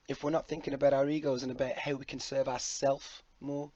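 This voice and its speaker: A man's voice: medium pitch, flat delivery, fairly quick, few pauses, warm tone, dull audio. A man talking to camera in a loose, rambling, jokey monologue, swearing freely. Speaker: vlogger.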